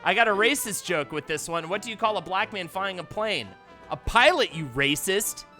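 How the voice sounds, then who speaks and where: A man's voice: high-pitched, lively intonation, normal speed, sharp tone, soft background music. A man hosting a live stream, reading listener jokes aloud and laughing often. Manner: playful joke-telling, laughs often. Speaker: host.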